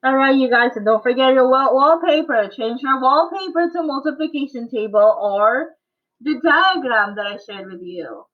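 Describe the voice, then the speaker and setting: On a video call with tinny, phone-like audio, a woman math teacher runs an online class, coaxing and quizzing her students and laughing a lot. Her voice is high-pitched, with lively intonation and a moderate pace.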